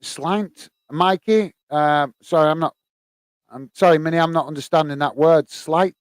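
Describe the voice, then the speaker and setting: A man's voice: on the high side, steady tone, normal speed, clear, resonant tone, dry recording. An English man hosting a live football stream, reading fan comments aloud with lots of fillers and friendly "mate" replies. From England. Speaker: host reading live chat.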